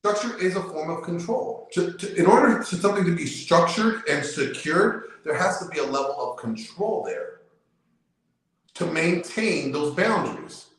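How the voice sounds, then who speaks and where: In a very echoey room, a man with a high-pitched, expressive voice debates casually as a show guest. He talks at a moderate pace, making his case with emphasis and going over the same points more than once.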